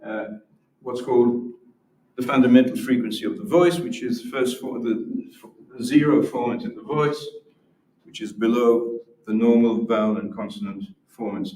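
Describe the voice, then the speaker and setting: A man's voice: medium pitch, normal speed, a little mellow, a little hiss or hum. A man giving an academic lecture with demonstrations, explaining patiently and often restarting his words. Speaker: symposium presenter. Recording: roomy echo from far off.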